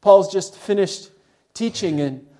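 Conversational preacher, fairly high voice. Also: male voice, lively intonation, takes it slowly. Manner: conversational preaching, dropping to soft low tones for emphasis. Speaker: pastor. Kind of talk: sermon.

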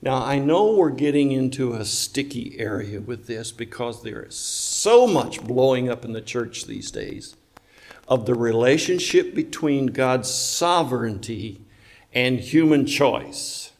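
A male preacher delivers a sermon in a church. He speaks with emphasis, tosses rhetorical questions at the congregation and trades remarks with listeners in the pews. His pitch sits in a middle range. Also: lively intonation, measured pace, darkish tone.

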